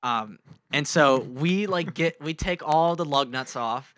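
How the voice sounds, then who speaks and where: Young man, podcast co-host, bright tense voice, fairly high, dry close sound, rambling swear-filled storytelling. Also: a little slow, dry recording. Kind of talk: casual storytelling chat.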